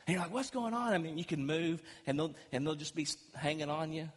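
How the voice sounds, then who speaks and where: A man preaching a sermon as pastor, emphatic and swinging between loud and quiet. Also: a little high, little pitch movement, quick pace, slightly rough. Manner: emphatic preaching, rising and dropping loudness. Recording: echoey hall with long reverb.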